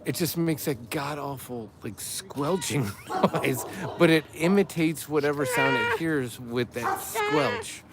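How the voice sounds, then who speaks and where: A man's voice: on the high side, sing-song, slow pace, hardly any pauses, heavy background noise. A man hosting a casual live chat by a backyard fire at night, joking and laughing as he talks to viewers. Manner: joking, laughs often, reads chat aloud. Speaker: livestream host, father.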